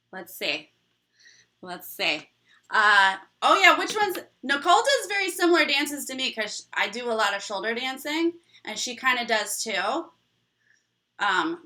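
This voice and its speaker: Bubbly bright-voiced woman host. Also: fairly high pitch. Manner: bubbly and rambling, laughs often. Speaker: livestream host. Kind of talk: casual live chat with viewers.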